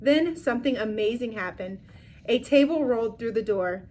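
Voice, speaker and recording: A woman reading a children's book aloud with expressive storytelling. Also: fairly high pitch, moderate pace. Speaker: reader.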